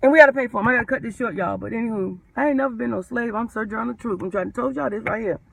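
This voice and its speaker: A woman, a postal mail handler, telling her story in an animated, emphatic vlog rant. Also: a little high, quick pace, gravelly, recorded from a distance, a little hiss or hum, poor audio.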